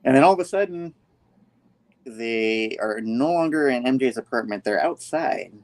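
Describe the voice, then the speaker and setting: A man hosting a casual comic book review, retelling the story with animated storytelling. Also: medium pitch, moderate pace. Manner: animated storytelling, acts out the panels. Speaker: podcast host.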